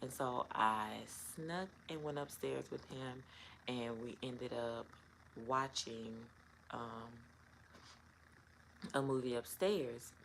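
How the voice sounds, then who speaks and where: A woman's voice: extremely low pitch, steady tone, slow, long pauses, a little hiss or hum, low-quality recording. A middle-aged woman telling a personal story to camera in a casual, rambling way, full of "um" and "like". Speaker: vlogger.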